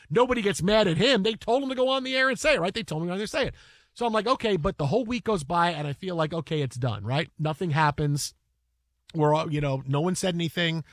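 A man telling a story in casual chat, animated and quick, often restarting his sentences. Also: high voice, dry recording, studio quality. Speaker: podcast host and broadcaster.

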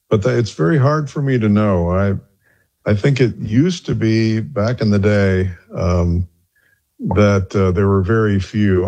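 A male doctor speaks on a radio show in a slow, mellow voice, thinking aloud with many pauses and fillers. His remote line sounds dull and lo-fi. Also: fairly low pitch. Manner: hesitant, thoughtful, many fillers. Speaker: physician guest. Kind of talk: radio interview answers.

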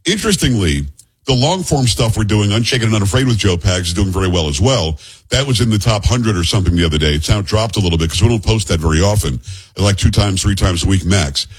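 A man's voice: on the low side, animated, fast talker, husky. A middle-aged man hosting a radio talk show, chatty and joking with his co-host. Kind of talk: casual radio banter.

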